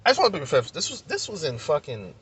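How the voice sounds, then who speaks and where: Young man, vlog rant, husky and forceful, profane and fired up. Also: fairly high pitch, wildly swooping pitch, very fast. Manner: heated, profane, repeats himself when worked up. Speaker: vlogger. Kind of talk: casual storytelling rant.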